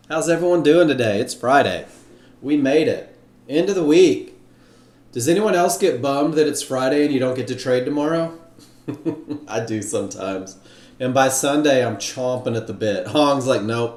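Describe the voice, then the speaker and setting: Male instructor, upbeat and chatty, mid-pitched, on a live class in a roomy space. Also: darkish tone. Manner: upbeat, chatty, greets viewers by name. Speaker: trading instructor. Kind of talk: live webinar teaching. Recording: roomy echo.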